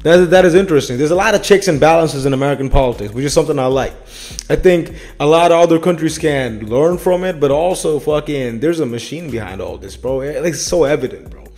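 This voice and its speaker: Casual host type: a man with a slightly high voice, talking bluntly and swearing freely while reacting to clips. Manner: blunt, profane, animated, says "man" and "bro". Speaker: political reaction commentator.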